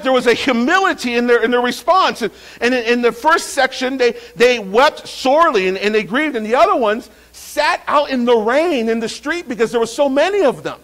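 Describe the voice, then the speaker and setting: Male pastor, very high-pitched, lively sermon delivery with repetitions. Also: rough recording. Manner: lively preaching with repeated phrases and restarts.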